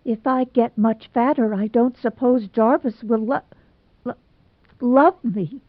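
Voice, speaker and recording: Casting: woman as a timid young bride, high, breathless and pleading, on a tinny dry line. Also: takes it slowly, dry recording. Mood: tearful. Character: timid plump young bride, tearful and fretful. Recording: dry tinny phone-like sound.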